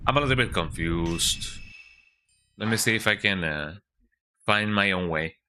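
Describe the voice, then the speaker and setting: A young man plays through a game on stream, chatting in a playful, joking way and ending his remarks with "eh?". His voice is very bright and lively, swinging up and down in pitch. A faint hiss sits under the talk. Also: measured pace. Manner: playful, jokey, keeps tagging lines with "eh?". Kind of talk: casual gameplay commentary.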